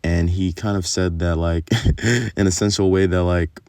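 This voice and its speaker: A man's voice: deep voice, fairly even intonation, normal speed, darkish tone, clean tone, no room sound. A young man telling a long, rambling story in casual, profane vlog talk, full of fillers.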